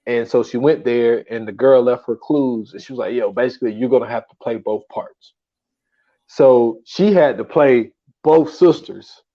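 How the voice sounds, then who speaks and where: Animated casual man retelling a show. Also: mid-range voice, moderate pace, dull audio. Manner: animated storytelling, acts out quotes, profane. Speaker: podcast co-host. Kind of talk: casual chat reviewing shows.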